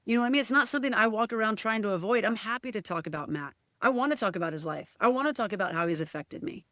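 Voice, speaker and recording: A woman's voice: medium pitch, lively intonation, rapid-fire, a bit bright, no echo, studio quality. A woman guest in a casual podcast chat, speaking candidly and emotionally, often quoting what others said. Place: podcast studio.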